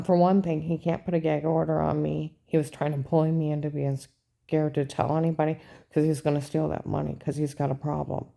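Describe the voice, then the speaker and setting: A woman's voice: low voice, vocal fry, dark tone. A woman giving a rambling, aggrieved first-person account, repeating herself and agitated. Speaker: vlogger recounting a personal ordeal.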